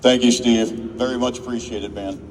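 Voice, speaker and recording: A man's voice: mid-range voice, steady tone, normal speed, a little hiss or hum. A man giving an emotional, rambling, off-the-cuff award speech in a large event hall. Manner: emotional, rambling, self-interrupting. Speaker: awards presenter. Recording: distant mic in a reverberant hall.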